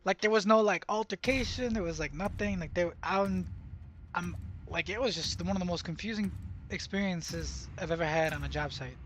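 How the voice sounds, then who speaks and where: A man's voice: sits high, moderate pace, a bit bright, a little hiss or hum. Rambling young man telling a work story. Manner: rambling, lots of fillers and restarts; bilingual, speaks Spanish at work. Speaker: vlogger. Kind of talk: casual storytelling.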